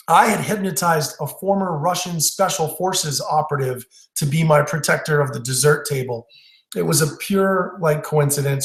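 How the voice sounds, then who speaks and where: A man teaching stage hypnosis in a webinar, telling a story in a conversational way with fillers and restarts. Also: fairly high pitch. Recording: roomy echo.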